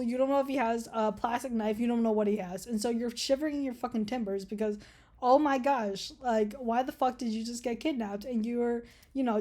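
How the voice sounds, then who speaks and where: A woman's voice: on the high side, mellow. Profane, rambling woman vlogger. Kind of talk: casual vlog rant.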